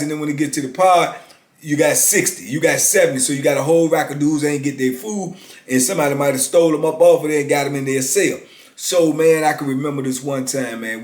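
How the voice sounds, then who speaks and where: Laid-back man in his fifties, roomy echo. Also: medium pitch. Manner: laid-back, drawn-out, peppers talk with "man". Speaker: former prisoner telling his story. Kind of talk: casual storytelling.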